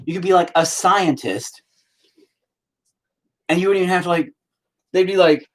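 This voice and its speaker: A man's voice: high-pitched, normal speed. A middle-aged man chatting casually on a live stream, joking and teasing as a father.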